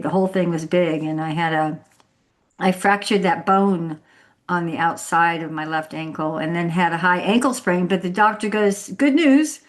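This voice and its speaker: A woman hosting a podcast from home, chatting casually and telling a story, acting out the people she quotes and laughing often. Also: on the low side. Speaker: podcast host.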